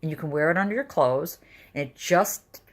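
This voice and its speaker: A middle-aged woman vlogger talks casually in a home vlog, her deep voice at a moderate pace. She rambles and chats, restarting often, and sounds dizzy and close to tears.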